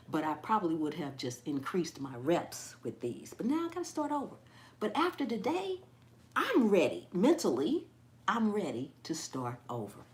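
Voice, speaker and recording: Hyper, animated woman live-streaming. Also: on the low side. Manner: hyper, animated, laughs often, mimics others. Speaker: gardening channel host. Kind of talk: casual live-stream chat.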